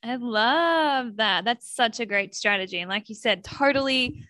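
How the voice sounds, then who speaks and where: A woman host with a bright, forward voice reacts with warm enthusiasm and affirms what her guest says. She talks in a loose, chatty way. The recording is close and dry. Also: a little high, measured pace, no echo. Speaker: podcast host. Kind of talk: conversational podcast interview.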